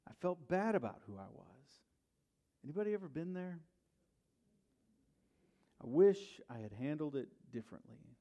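A middle-aged man preaching a sermon in a church. He tells a personal story in a conversational way, dropping to quiet asides and rising to loud bursts. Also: fairly high pitch, big pitch swings, normal speed, pauses often. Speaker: pastor.

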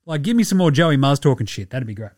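A man's voice: medium pitch, big pitch swings, fast talker, darkish tone, no echo, clean studio sound. An Australian man hosting a sports podcast in casual chat. He is laid-back and slangy, and he swears freely. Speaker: podcast host.

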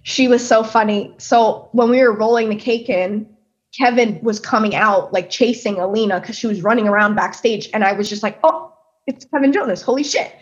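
A woman in her twenties from New Jersey, telling an excited story in casual chat, swearing freely and acting out quotes. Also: medium pitch, moderate pace, dull audio. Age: 20s. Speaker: guest pastry chef.

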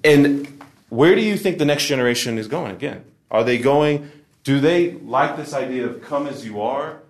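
At a forum, a man talks casually to a live audience, telling humorous stories and frequently restarting his sentences. His voice is mid-range at a moderate pace, and the recording has a roomy echo.

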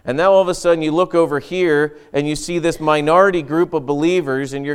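Man preaching with a smooth, higher voice. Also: fairly even intonation, brisk, hardly any pauses. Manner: earnest, emphatic preaching with frequent restarts. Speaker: pastor. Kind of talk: sermon.

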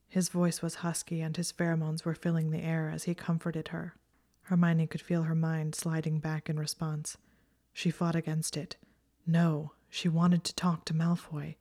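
A woman narrating a story aloud in a steady, even manner. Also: low-pitched, normal speed. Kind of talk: audiobook narration of fan fiction.

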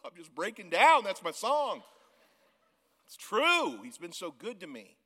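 A man in his forties, a guest pastor from the Missouri Ozarks, preaching a sermon in a church auditorium, loud and yelling, often laughing. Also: high voice, wildly swooping pitch, measured pace. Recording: long church hall reverb.

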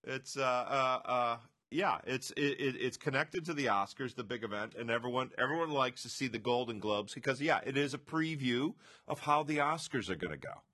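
A man co-hosting a podcast in casual chat, halting and repeating words as he thinks. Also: medium pitch, pushed and bright. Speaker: podcast co-host.

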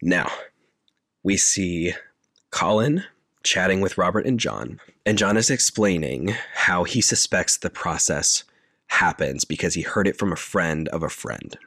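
A man's voice: low voice, lively intonation, unhurried, bright, forceful tone, no echo, clean studio sound. A man casually retelling a film's scenes in detail on a podcast, talking in a loose, filler-heavy way. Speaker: podcast co-host recapping a film. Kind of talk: casual chat.

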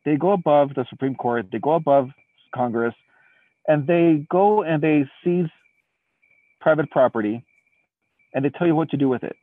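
A man's voice: fairly high pitch, normal speed, long pauses, no echo. A man co-hosting a podcast, explaining current events at length in a casual, indignant way from outdoors at night. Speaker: podcast co-host. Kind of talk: casual political chat. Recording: tinny distant phone-like remote line.

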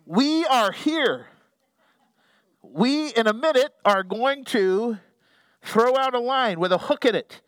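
A man voicing a gleeful fisherman who shouts mock-menacing threats down at the fish, loud and taunting. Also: very high voice, lively intonation, slow, clear, resonant tone, no room sound, voice pushed up, exaggerated voice.

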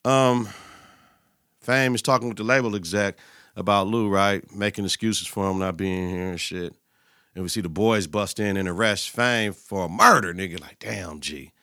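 A man's voice: lowish voice, moderate pace, bright, forceful tone, no room sound, studio quality. A man hosting a podcast, recapping a TV episode in a casual, profane, slang-heavy way. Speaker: podcast host.

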